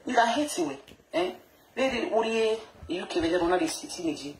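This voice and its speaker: A woman with a Nigerian accent talking casually to camera as a vlogger, animated and repeating her phrases, mixing pidgin into her English. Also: medium pitch, a little fast. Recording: echoey room with faint noise.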